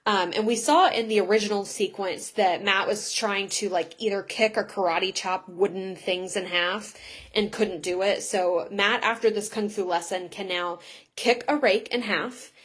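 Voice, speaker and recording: A young woman co-hosting a podcast, recapping a TV episode in a quick, chatty way with lots of "like" fillers. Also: medium pitch, fairly even intonation, fairly bright tone, low-quality recording. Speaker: podcast co-host.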